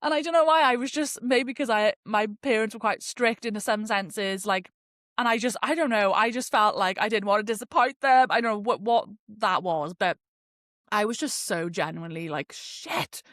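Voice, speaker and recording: Young British woman, podcast host, rambling animated storyteller, close dry mic. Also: mid-range voice, moderate pace, no echo. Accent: British English. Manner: chatty and animated, full of fillers and swearing. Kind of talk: casual storytelling.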